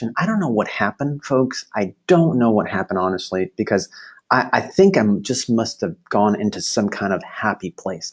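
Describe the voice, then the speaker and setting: A male instructor giving a virtual class, telling a story in an animated, chatty way and laughing often, over a video call. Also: fairly low pitch, breathy edge.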